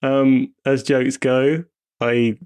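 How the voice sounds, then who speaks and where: A man's voice: medium pitch, flat delivery, extremely slow, darkish tone, smooth. A young man with a mild Wiltshire accent, co-hosting a podcast and chatting about films, rambling and self-interrupting and laughing often. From Wiltshire, England. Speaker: podcast co-host. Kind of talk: casual film chat.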